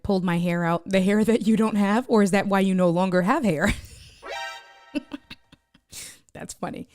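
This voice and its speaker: A woman's voice: mid-range voice, brisk, darkish tone, dry recording, clean studio sound. A woman live streamer chatting casually and rambling to her viewers, reading their chat messages aloud. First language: Spanish (bilingual).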